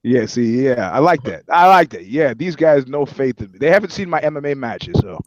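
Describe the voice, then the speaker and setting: A man's voice: medium pitch, fairly quick, dry recording, muffled recording. A man co-hosting a casual podcast, telling stories animatedly and swearing freely. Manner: animated storyteller, swears a lot. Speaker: podcast co-host. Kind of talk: casual profane chat.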